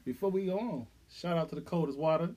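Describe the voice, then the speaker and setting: High-voiced dude talking fast, hyped storyteller, acts out every quote. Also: male voice, a crowd in the background. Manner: excitable storyteller, loud laughs, acts out quotes. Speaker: podcast co-host. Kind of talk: casual chat.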